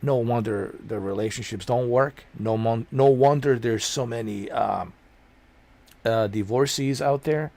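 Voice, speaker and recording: A streamer chatting casually, ranting in a rambling, blunt and profane way and repeating himself. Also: male voice, medium pitch, unhurried, gravelly, a little mellow.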